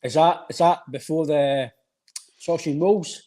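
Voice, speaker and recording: A Scottish man co-hosting a podcast who banters easily and laughs often. His voice sits a little high for a man, and his talk is loose and casual. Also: measured pace, a little mellow. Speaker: podcast co-host. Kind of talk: casual live podcast chat.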